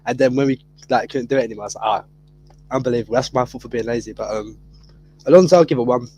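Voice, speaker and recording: A man's voice: medium pitch, very fast, a little mellow, slight background noise, low-quality recording. A man chatting animatedly on a video-call fan panel, loose and casual with slang. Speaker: panel guest.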